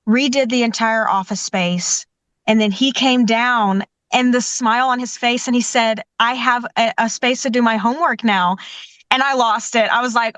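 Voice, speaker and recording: A woman's voice: fairly high pitch, no room sound. A woman, a professional organizer being interviewed, talking eagerly and telling stories with many "you know"s. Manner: enthusiastic, warm storytelling with many "you know"s. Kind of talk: conversational interview answers.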